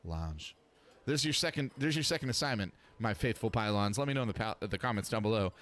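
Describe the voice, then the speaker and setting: A man's voice: lowish voice, animated, a little fast, fairly bright tone. A man hosting a casual gameplay video, thinking aloud with rambling asides. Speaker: let's play host.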